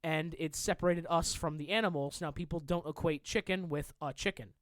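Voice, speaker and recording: High-voiced man in casual podcast chat. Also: a little fast, dry recording. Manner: animated, swearing, mocking asides. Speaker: podcast co-host.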